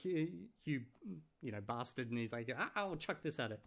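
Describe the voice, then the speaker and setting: A man's voice: medium pitch, expressive, normal speed, a bit bright. A man vlogging in casual chat, translating clips aloud with many fillers and restarts. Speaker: vlogger reviewing a language course.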